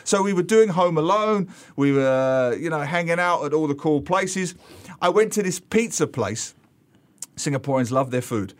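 A man who is a regular contributor, columnist and author, telling humorous travel anecdotes in a lively way on a radio show. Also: on the high side, normal speed.

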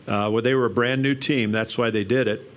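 A man's voice: medium pitch, fairly even intonation, fairly quick. An older man telling his life story to an audience, animatedly acting out the voices in his quotes. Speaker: speaker sharing his testimony.

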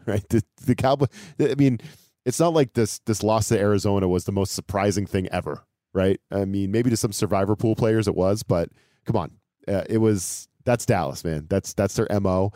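A man co-hosting a casual sports podcast, talking in an animated way with repeated phrases and laughing asides. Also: fairly low pitch, no room sound, studio quality. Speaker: podcast co-host.

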